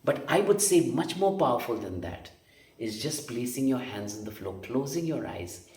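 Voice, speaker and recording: Speaking at normal speed in a sing-song, slightly mellow mid-range voice, a man teaches energy healing and meditation. He is emphatic, repeats phrases, and poses rhetorical questions throughout this spoken lesson, recorded with distant, roomy sound.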